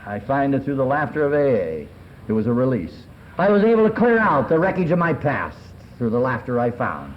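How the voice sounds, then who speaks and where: An American man speaking at a recovery meeting, telling his story in folksy street slang and often clearing his throat. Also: medium pitch, wildly swooping pitch, brisk. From Southern California. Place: convention hall. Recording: dull lo-fi 1970s tape recording.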